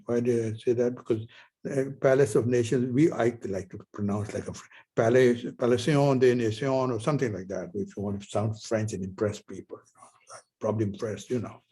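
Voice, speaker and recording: A man's voice: on the low side, dark tone, slightly rough, low-quality recording. A man in his seventies giving a university lecture, telling a rambling personal story full of rhetorical questions. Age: 70s. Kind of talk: classroom lecture.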